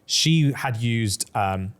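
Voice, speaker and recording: Animated man retelling a story with slang. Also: mid-range voice, very slow. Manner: animated storyteller, acts out characters' lines, heavy slang. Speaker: podcast co-host. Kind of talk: casual chat, retelling a fantasy story.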